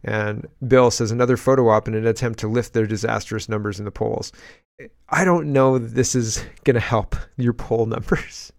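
A man's voice: mid-range voice, steady tone, normal speed, vocal fry, dry recording, clean studio sound. A man hosting a casual news commentary show, reading headlines and viewer comments aloud and adding wry asides. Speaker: political commentary host.

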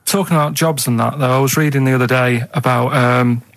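A man, a regular on a radio show, telling things in a plain, halting way in casual studio banter. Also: medium pitch, fairly even intonation, a bit bright, no room sound. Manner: plain-spoken, halting, hesitant fillers.

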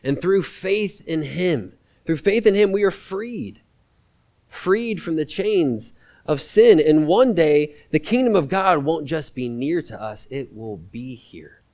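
Man, guest preacher, sermon, conversational, repeats lines for emphasis, fairly high voice. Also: expressive, takes it slowly, darkish tone.

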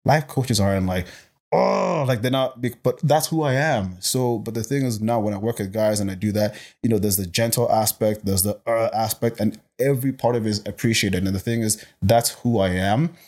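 A fairly low-voiced man who grew up in Botswana speaks in a casual interview, with fire and energy. He restarts sentences often and jumps in pitch when he gets excited. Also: brisk, few pauses. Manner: energetic, passionate, many restarts. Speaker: interview guest, life coach.

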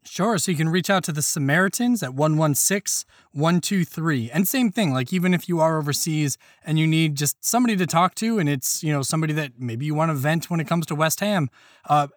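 A man co-hosting a casual podcast, talking in an exasperated, animated way with plenty of swearing. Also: fairly high pitch, dry recording, studio quality. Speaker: podcast co-host.

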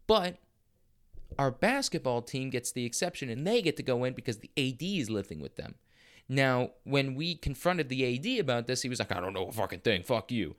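A man's voice: medium pitch, lively intonation, moderate pace, clear, resonant tone. A man in his twenties hosting a podcast, talking in a blunt, profane, rambling rant. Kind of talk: casual ranting monologue.

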